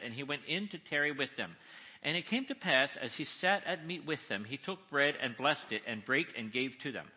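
A man preaching at a conference, reading scripture slowly and with emphasis and asking his listeners questions. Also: medium pitch, sing-song, bright, forceful tone, slightly rough. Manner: reads slowly, deliberately, with emphasis; asks the audience questions. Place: large conference hall. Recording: echoey hall reverb.

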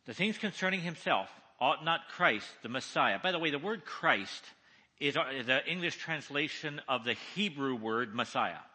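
A man preaching at a conference, reading scripture slowly and with emphasis and asking his listeners questions. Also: fairly high pitch, expressive, pushed and bright, breathy edge. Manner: reads slowly, deliberately, with emphasis; asks the audience questions. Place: large conference hall. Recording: echoey hall reverb.

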